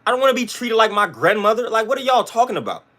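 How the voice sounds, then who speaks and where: Guy ranting on his stream, high-ish voice, blunt, slangy, says it all twice. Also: sing-song, fast, a bit bright. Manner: emphatic, repetitive, slangy, blunt. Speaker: livestream host. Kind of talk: livestream rant to chat.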